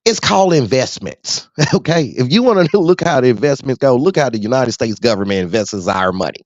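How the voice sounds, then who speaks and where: Brief: trucker man, slangy casual rant, lively voice, dull dry recording. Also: medium pitch, fairly quick, no room sound. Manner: animated, street slang, frequent laughs. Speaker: truck driver.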